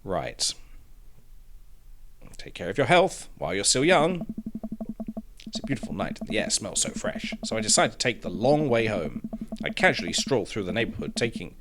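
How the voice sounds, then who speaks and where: A man commentating a dating game, reading its text aloud with sarcastic, animated asides, his throat hoarse. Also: lowish voice, moderate pace, pauses often, a little hiss or hum. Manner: animated, sarcastic, swears freely. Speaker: gaming streamer.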